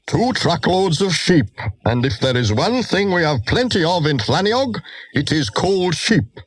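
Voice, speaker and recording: A grumpy village baker grumbles crossly in a husky voice, played by a man reading a storybook. His speech slows and drags with irritation. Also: on the high side, sing-song, dry recording, pitched above the performer's own voice, full character voice.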